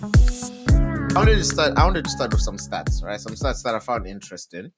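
A man hosts a casual podcast chat with a lively, wide-ranging voice. He often halts and repeats his words before moving on. Bursts of loud laughter break up his talk. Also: medium pitch, normal speed, over loud music. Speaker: podcast host.

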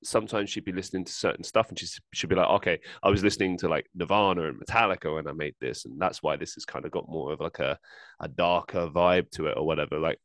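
A man's voice: sits low, quick pace, a bit bright, no room sound. A man hosting a casual podcast interview, rambling and self-deprecating, often repeating his words. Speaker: podcast host.

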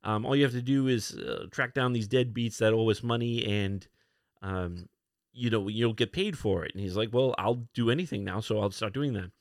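A man hosting a podcast alone, casually retelling comic book issues, with many fillers and quick put-on lines for the characters. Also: fairly low pitch, dry recording, studio quality. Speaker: podcast host.

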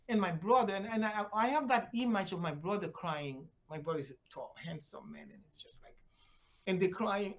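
An older woman from Haiti, a physician guest telling a personal story with lively voiced-out quotes and big swings in pitch. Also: a little fast. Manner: animated, acts out voices with big pitch jumps.

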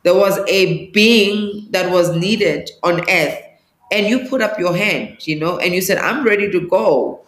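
Animated woman, roomy sound. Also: lowish voice, a little slow. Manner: animated, acts out quoted voices. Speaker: sangoma and spiritual teacher. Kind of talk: interview guest, teaching. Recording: roomy echo.

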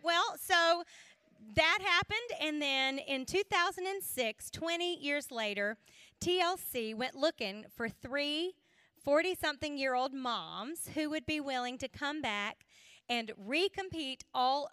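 A woman's voice: high-pitched, bright, forceful tone, dry recording. A woman from South Carolina with a Southern accent, giving a playful, chatty talk full of stories to a women's church gathering, laughing often. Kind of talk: humorous storytelling to a live audience.

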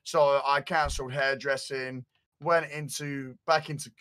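A man's voice: mid-range voice, steady tone, a little slow, fairly bright tone. A young man, chatting and joking casually with his stream co-host. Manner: joking, teasing, rambling.

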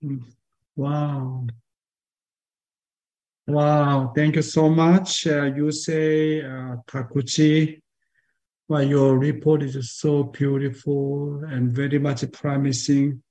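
Slow, flat-voiced man giving praise. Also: medium pitch, low-quality recording.

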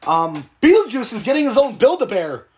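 A man's voice: very high-pitched, sing-song, fairly quick, darkish tone. A young man hosting a casual podcast, rambling through entertainment news. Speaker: podcast host.

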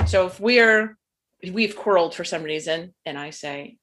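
A woman's voice: fairly low pitch, moderate pace, fairly bright tone, slight background noise. A woman co-hosting a casual podcast chat, talking in an earnest, reflective way and often trailing off mid-thought. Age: adult with a young daughter. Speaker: podcast co-host.

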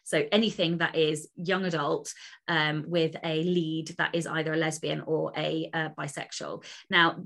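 A woman's voice: low voice, flat delivery, a little slow, gravelly, a bit bright. A woman author chatting as an interview guest, enthusiastic and talkative, with plenty of fillers. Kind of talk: casual interview conversation.

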